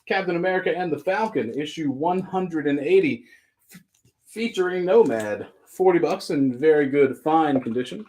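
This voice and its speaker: Man, live-sale host, casual rambling jokes, slightly high voice. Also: animated, normal speed, a little mellow. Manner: joking, rambling asides between listings. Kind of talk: casual live-stream selling.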